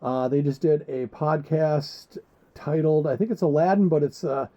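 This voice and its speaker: This podcast co-host has a fairly high, warm voice, a steady tone, and normal speed. He rambles and jokes through casual chat, dropping crude asides, on a muffled lo-fi recording.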